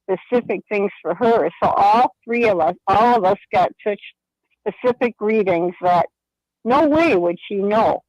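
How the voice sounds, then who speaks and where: A woman's voice: medium pitch, measured pace, a little mellow, no room sound. An older woman calling into a radio show, retelling a story in a chatty way with lots of quoted dialogue. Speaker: caller. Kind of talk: phone-in storytelling. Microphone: phone. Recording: dry telephone line.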